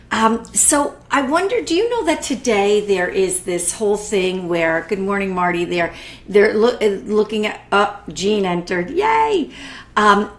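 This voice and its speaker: A middle-aged woman with a medium-pitched voice hosts a live online art class, a casual live-streamed art talk. She's chatty and warm, greets viewers by name, and often restarts her sentences.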